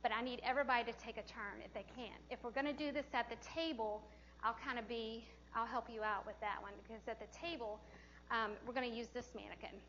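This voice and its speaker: A woman's voice: fairly high pitch, fairly even intonation, quick pace, fairly bright tone, lo-fi sound, a little hiss or hum. A woman teaching a hands-on CPR class in a training room, chatty and encouraging, often laughing as she talks. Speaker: CPR instructor.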